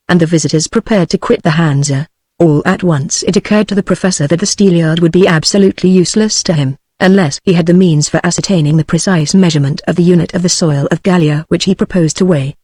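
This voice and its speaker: A text-to-speech woman's voice with a British accent reads a novel aloud in a steady, even way. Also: fairly low pitch, dry recording. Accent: British English. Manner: steady, even synthetic read-aloud delivery. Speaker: audiobook narrator. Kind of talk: text-to-speech audiobook reading.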